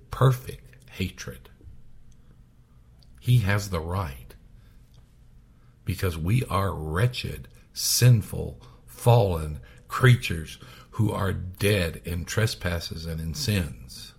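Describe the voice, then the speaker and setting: A man preaching a sermon, swinging from loud raised passages to hushed whispers. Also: low voice, vocal fry, breathy edge.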